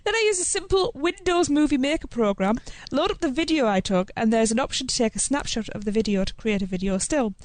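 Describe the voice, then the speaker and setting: Female co-host, higher pitch, easily amused, reading aloud; dry close mic. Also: animated, fairly quick, few pauses, no room sound. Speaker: podcast co-host. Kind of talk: casual chat, reading a listener's trip report.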